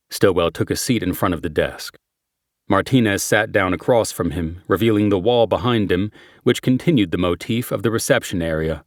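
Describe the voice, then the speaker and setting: Male narrator, measured steady audiobook reading, low voice, dry close sound. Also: no room sound. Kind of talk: scripted narration.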